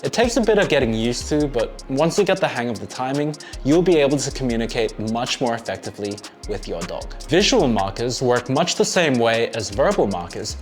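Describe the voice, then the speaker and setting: A man narrating a scripted dog-training lesson in a clear, friendly teaching tone. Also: medium pitch.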